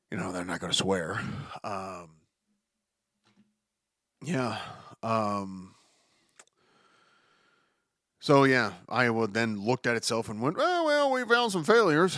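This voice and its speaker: Casual news commentary from a man hosting a podcast alone: he reads the headlines, then rants with profanity and exasperation, repeatedly restarting sentences. His mid-range voice has a fairly bright tone, recorded in studio quality with no echo.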